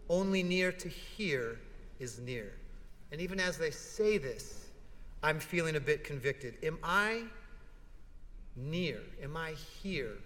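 There's a little hiss or hum on this recording of a man preaching in a large church sanctuary, the hall echoing around him. With a fairly high voice, he tells animated stories and keeps asking rhetorical questions.

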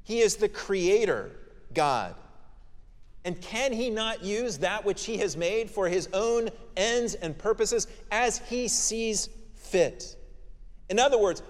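A male pastor gives an expository sermon in a conversational, emphatic manner. His voice sits a bit high. A long hall reverb trails each phrase. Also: lively intonation, slow pace.

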